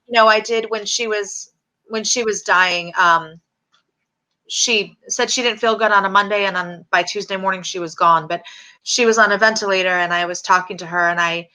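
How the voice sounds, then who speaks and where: A middle-aged woman telling a personal story in an interview, halting with many fillers and restarts. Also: medium pitch, steady tone, bright, forceful tone. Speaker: interview guest.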